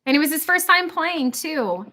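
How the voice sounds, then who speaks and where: A middle-aged woman chatting on a home livestream, animated and joking, her voice sitting a little high and sounding bright and forceful. She keeps breaking into silly voices mid-story. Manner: animated and jokey, quick to slip into funny voices. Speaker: livestream host. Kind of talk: casual livestream chat.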